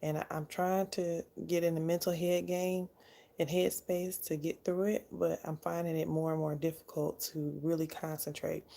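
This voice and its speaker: A woman's voice: fairly low pitch, creaky, mellow. A young woman casually telling her own story to the camera, candid and chatty. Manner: candid, chatty, laughs often. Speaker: vlogger.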